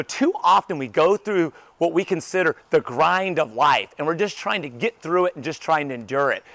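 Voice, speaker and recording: A man's voice: on the high side, a bit bright, no echo. A man giving an upbeat motivational talk, emphatic and conversational, often saying "you know". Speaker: motivational speaker.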